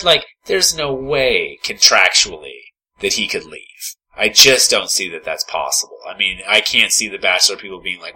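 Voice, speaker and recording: A man's voice: on the low side, lively intonation, normal speed, bright, forceful tone, slightly rough, rough recording. A man co-hosting a casual podcast, trading dry joking quips while recapping a TV episode. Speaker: podcast co-host. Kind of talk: casual chat recapping a reality show.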